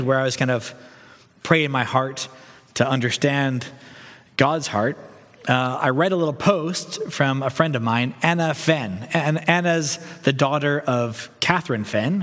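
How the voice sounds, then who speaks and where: A man preaching a sermon as pastor, earnest and reflective, speaking in a gentle, unhurried way. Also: mid-range voice, big-room sound.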